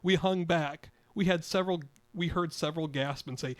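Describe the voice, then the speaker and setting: A man's voice: fairly high pitch, moderate pace. An older man in his eighties reading his own memoir story aloud, wry, chuckling now and then. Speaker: podcast storyteller.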